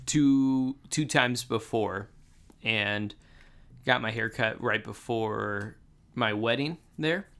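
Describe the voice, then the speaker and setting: A man's voice: mid-range voice, slow pace, fairly bright tone, smooth. A young man in casual chat, telling a story with lots of fillers and restarts.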